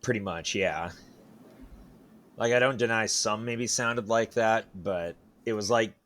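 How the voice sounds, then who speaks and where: A man's voice: lowish voice, measured pace, fairly bright tone. A man co-hosting a podcast, bantering casually with dry, teasing jokes and swearing. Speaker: podcast co-host. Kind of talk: casual chat.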